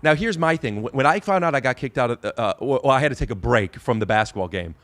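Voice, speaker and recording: A man's voice: medium pitch, lively intonation, fast, a bit bright, dry recording. A man hosting a podcast in casual chat, talking in rambling bursts full of restarts and hesitations. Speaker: podcast host.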